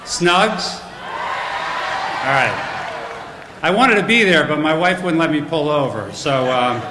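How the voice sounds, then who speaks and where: At a medium pitch with a bit of brightness, a middle-aged commencement speaker jokes his way through self-deprecating family anecdotes. He speaks at a podium mic, and the hall is echoey with noise in the background.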